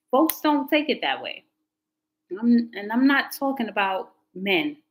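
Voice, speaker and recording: A woman's voice: medium pitch, rough recording. Chatty woman tarot reader on a livestream. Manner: chatty and candid, slangy, talks back to chat comments. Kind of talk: casual livestream chat with viewers.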